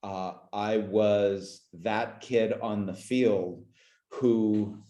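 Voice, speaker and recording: His voice is low-leaning and warm with a steady tone, and he draws out his words in a reverberant space. He's a Canadian man in his forties appearing as a podcast guest in a reflective conversational interview, speaking emotionally, often repeating words and restarting sentences, sometimes choked up.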